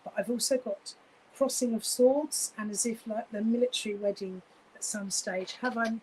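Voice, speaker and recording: A woman's voice: fairly high pitch, steady tone, moderate pace, a little mellow, rough recording. Gushy lady doing a live psychic reading, lots of ums, slight background hiss. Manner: gushing, effusive, many fillers and restarts. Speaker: medium giving live readings.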